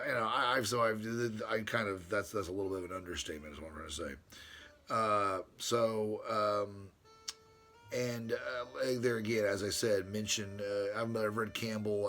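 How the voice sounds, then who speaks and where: Man with a lowish voice, host reading his own letter aloud, halting delivery with plenty of restarts and asides. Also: sharp tone. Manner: hesitant, many restarts and fillers; chuckles to himself between passages. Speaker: channel host.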